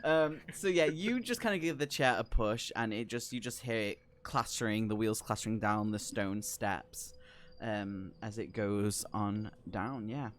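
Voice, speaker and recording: A man narrating a tabletop horror game as game master, casual and hesitant, with many pauses and ums. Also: on the low side, a bit bright, slight background noise.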